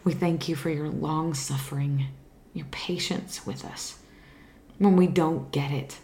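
On a faith podcast, a female co-host with a deep, warm, steady voice talks earnestly about the Bible in a casual way, then leads a prayer. Her delivery is reflective, with pauses and restarts, and the sound is reverberant.

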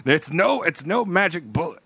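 A man's voice: fairly high pitch, animated, normal speed, creaky, pushed and bright, breathy edge, no room sound. A man hosting a podcast, telling a history story in loose, jokey casual chat, laughing and swearing often. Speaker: podcast host.

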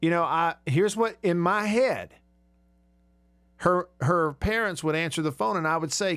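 A man's voice: on the high side, measured pace, fairly bright tone, clean tone, dry recording. A man, hosting a radio talk show and telling stories in a chatty, self-mocking way from a studio. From Alabama. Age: 30s. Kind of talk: casual radio talk and storytelling.

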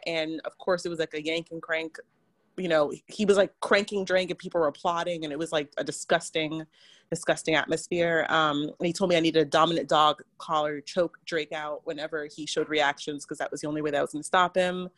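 A woman telling a personal story in casual chat, full of "like" and quoted back-and-forth. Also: fairly low pitch. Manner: chatty, fillers like "like", quotes others. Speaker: guest.

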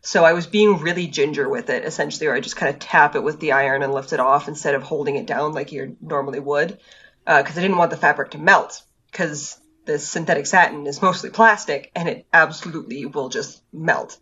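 Woman, very low voice, casual podcast chat, measured, detailed explainer, dull lo-fi mic. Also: fairly bright tone, husky. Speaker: podcast co-host.

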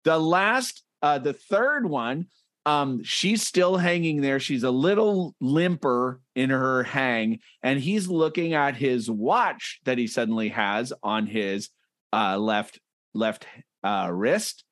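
A man's voice: mid-range voice, slow pace, a bit bright, no room sound, studio quality. A man co-hosting a casual comedy podcast, reading comic panels aloud and laughing often. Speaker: podcast co-host.

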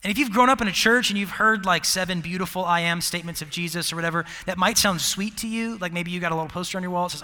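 This campus ministry preacher is a young man whose high voice sounds pushed and bright. Before a live crowd in a large hall, he gives a casual sermon to a college group, rambling, using fillers, and chuckling at himself, all under a long hall reverb.

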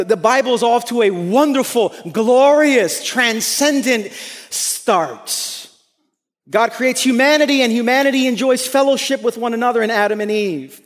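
A man's voice: sits high, in a large hall. A man preaching a sermon as a pastor, telling stories and acting out the voices in them. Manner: animated storytelling, acts out voices.

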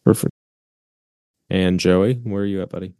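Gravelly, very low-voiced male podcast co-host. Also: little pitch movement, moderate pace, warm tone, no room sound, studio quality. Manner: joking, self-deprecating, swears casually. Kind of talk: casual podcast chat.

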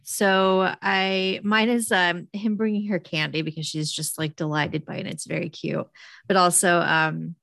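A woman chatting casually about a book in a relaxed, wry manner. Her voice is low and gravelly with vocal fry, and the recording is dry and close. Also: unhurried, no echo.

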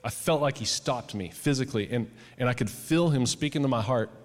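A man's voice: mid-range voice, fairly quick. A man pastor telling a personal story in a conversational sermon, then building to an impassioned call to his congregation. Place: church auditorium. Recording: long hall reverb.

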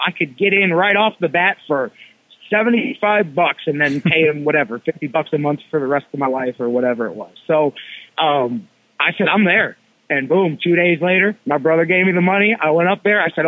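A man guest on a wrestling podcast, telling stories in a casual, animated way, acting out what people said with slangy asides. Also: a little high, a little fast, dry recording. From Cleveland area. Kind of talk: casual storytelling chat. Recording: tinny phone line, dry.

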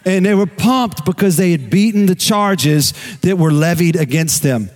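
Animated preaching man, slightly high voice. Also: moderate pace. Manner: animated preaching, repeats key phrases. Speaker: pastor. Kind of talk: sermon.

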